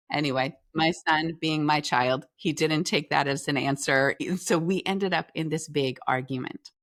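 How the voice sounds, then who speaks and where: A woman with a slightly low-pitched voice shares a personal anecdote as a guest on an interview show. She tells it with animation, acts out both sides of the conversation, and restarts her sentences as she talks. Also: moderate pace, few pauses, dry recording, clean studio sound. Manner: lively storyteller who acts out the dialogue; talks through restarts and filler phrases. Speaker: podcast guest, leadership coach.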